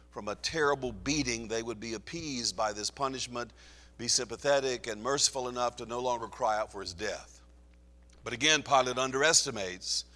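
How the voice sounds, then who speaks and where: A man's voice: medium pitch, bright, forceful tone, long reverb tail. A man teaching through a Bible passage, reading scripture aloud with rising emphasis. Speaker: preacher.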